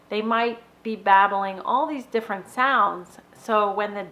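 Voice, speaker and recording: A middle-aged woman hosting an educational video blog, explaining things clearly and acting out baby sounds and simple words in a playful, exaggerated way. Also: mid-range voice, measured pace, a bit bright, rough recording. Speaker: behavior analyst host.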